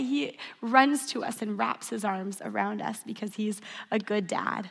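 A woman's voice: mid-range voice, steady tone, unhurried, vocal fry, a bit bright. A woman in her thirties giving an earnest sermon, telling stories and leading call-and-response. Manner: earnest, storytelling, leads the audience in call-and-response. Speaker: speaker at a church service. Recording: long hall reverb.

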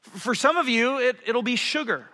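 A man delivers an animated sermon from a church stage. His voice sits high and very bright, ringing out with a long hall reverb around it. He swings from loud passages down to hushed ones. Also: normal speed. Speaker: pastor. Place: church sanctuary.

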